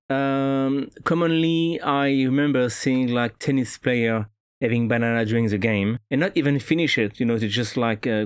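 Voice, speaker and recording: A man's voice: medium pitch, smooth, dry recording, studio quality. Hesitant man with a French accent. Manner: hesitant, many fillers and restarts. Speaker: podcast guest. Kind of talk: casual chat.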